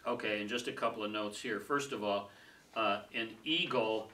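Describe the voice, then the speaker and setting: A man leading a casual Bible study group, talking conversationally, laughing easily and trailing off softly. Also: lowish voice, moderate pace. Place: small room with a group. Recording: distant mic with faint room noise.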